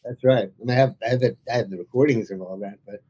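A man's voice: fairly low pitch, fast talker, mellow, slightly rough, dull audio. A man being interviewed as an author, chatty and laughing as he tells his stories. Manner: chatty storyteller, laughs through his anecdotes. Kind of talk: anecdotal interview conversation.

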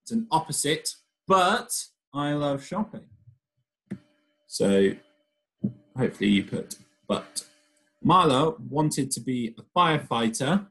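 A man's voice: mid-range voice, slow, pauses often, poor audio. A man, a primary school teacher, talking a young class patiently through a recorded remote lesson, step by step. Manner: reads the story aloud with lively expression.

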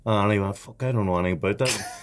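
Give me a young man with a low voice, animatedly telling a sweary story on a podcast. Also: rapid-fire. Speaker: podcast co-host. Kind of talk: casual chat, storytelling.

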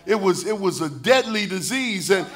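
Man preaching, high voice, shouty singsong sermon, lots of call and response. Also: animated, moderate pace. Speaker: pastor.

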